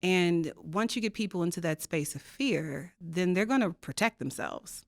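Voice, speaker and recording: Earnest low-voiced woman, dry close sound. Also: lively intonation, normal speed, vocal fry, dry recording. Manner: earnest, emphatic, uses rhetorical questions. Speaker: diversity co-chair and faculty guest. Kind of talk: reflective conversational storytelling.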